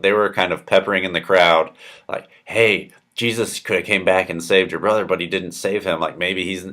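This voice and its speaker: A man's voice: sits low, fairly bright tone. A young adult man retelling a Bible story to young listeners in a casual, chatty way, full of "like" and "right?" and acted-out quotes.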